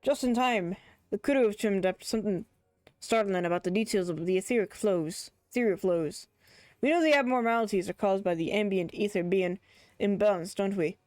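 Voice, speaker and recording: A woman's voice: mid-range voice, moderate pace, darkish tone, dry recording, clean studio sound, faint music behind, lightly acted. A woman streamer voicing a folksy, practical expedition crewman while reading game dialogue aloud. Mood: matter-of-fact.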